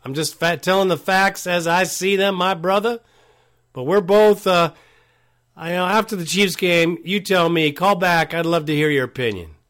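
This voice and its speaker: A man with a somewhat high voice hosting a call-in sports talk show. He talks casually and bluntly, speaking his mind without holding back, and greets his callers in a friendly way. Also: normal speed, a bit bright.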